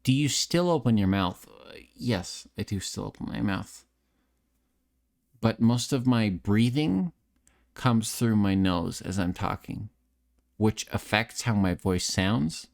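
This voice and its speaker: A man's voice: on the low side, lively intonation, takes it slowly, gravelly, a little mellow. A man chatting casually with his viewers on a live stream, sounding tipsy and a bit nasal, with a slight lisp, rambling and self-deprecating, close to a desk mic. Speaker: streamer and voice actor. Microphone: close desk microphone.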